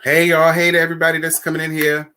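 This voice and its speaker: A man hosting a casual live stream who chats with his viewers in a sassy, blunt and profane way, giving shout-outs and calling for likes. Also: fairly high pitch, monotone, fast, a little hiss or hum.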